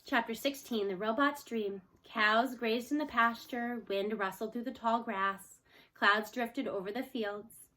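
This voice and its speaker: Woman storyteller, expressive read-aloud, bright voice. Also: fairly high pitch, a little slow. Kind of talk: reading a children's book aloud.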